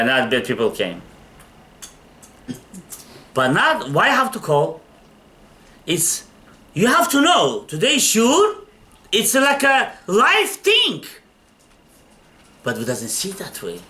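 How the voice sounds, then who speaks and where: A man's voice: on the high side, bright, forceful tone. A man, a rabbi giving a Torah lecture, telling stories and asking his listeners rhetorical questions.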